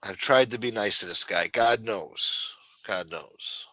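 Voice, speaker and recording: Guy ranting on his late nite stream, bright forceful voice, swears a lot, dry close sound. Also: on the low side, unhurried, no room sound. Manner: profane, trash-talking, greets chat viewers by name. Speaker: livestream host. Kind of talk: casual late-night livestream chat.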